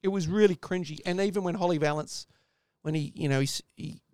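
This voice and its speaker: A man co-hosting a film podcast in casual chat, animated and quick to chime in with agreement. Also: a little high, clean tone, no room sound, clean studio sound.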